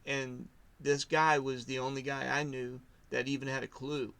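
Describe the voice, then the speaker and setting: A man in casual faith discussion, telling his story in a rambling way, restarting sentences and loudly acting out what others said. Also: mid-range voice, little pitch movement, normal speed, smooth. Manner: rambling, self-interrupting storyteller who acts out quotes loudly. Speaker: podcast co-host.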